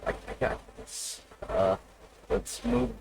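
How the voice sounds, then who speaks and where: A man's voice: very high-pitched, wildly swooping pitch, slow pace, vocal fry, noisy background. A man streaming live, rambling and profane as he teases his viewers. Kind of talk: casual live stream chat.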